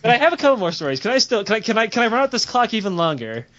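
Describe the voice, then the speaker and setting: A young man with a fairly high voice rattles through a story, swearing freely and slipping into the voices of the people he quotes. The podcast audio is dull and lo-fi. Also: rapid-fire. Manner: animated, profane, laughing while telling, acts out quoted voices. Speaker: podcast co-host telling stories. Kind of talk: casual storytelling chat.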